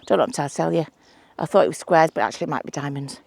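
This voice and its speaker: Building a trellis at her allotment, this middle-aged Mancunian vlogger narrates her DIY in a chatty, self-mocking way, thinking out loud as she goes. Her low voice races along, creaky and a little mellow, recorded without any room sound.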